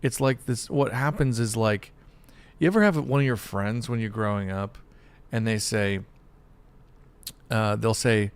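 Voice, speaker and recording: A man's voice: lowish voice, measured pace, pauses often, clear, resonant tone. A man streaming a video game, rambling casually and calling listeners dude and bro. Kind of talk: casual gameplay commentary.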